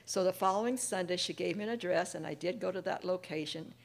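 A middle-aged woman sharing her personal testimony with a recovery group, an animated storyteller who acts out the voices of the people in her story. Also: on the low side, fast talker, vocal fry. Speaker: speaker sharing at a recovery meeting.

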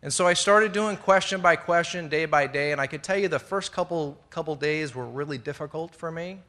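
Bright, rambling man sharing his story. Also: a little high, a little fast. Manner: rambling, conversational, many fillers and restarts; earnest, laughs at himself. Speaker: speaker sharing at a recovery meeting. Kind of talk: personal recovery share to a live audience. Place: indoor meeting room with an audience.

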